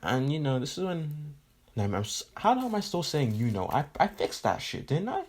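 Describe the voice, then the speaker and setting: A man's voice: fairly high pitch, sing-song, brisk. A man casually retelling a fan story, rambling and leaning on fillers like "right?" and "you know", with the odd swear.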